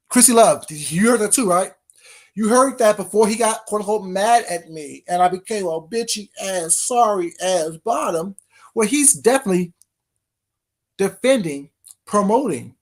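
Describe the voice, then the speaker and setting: A male vlogger in a casual rant, sassy and animated. He keeps circling back with rhetorical questions and loose, rambling asides. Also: sits high, normal speed.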